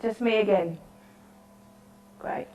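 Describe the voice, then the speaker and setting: A woman's voice: medium pitch, slow pace, mellow, lightly acted. A woman performing a lonely, chatty woman at the end of the world in a solo interactive theatre monologue, rambling and apologetic. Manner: rambling, apologetic, nervously cheerful. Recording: echoey room, voice from far off.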